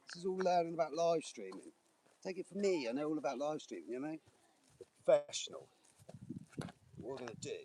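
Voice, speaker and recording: A man's voice: a little high, background noise. A man live streaming on his phone while walking outdoors, chatting rambly to the camera. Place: outdoors on a walk. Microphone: handheld phone.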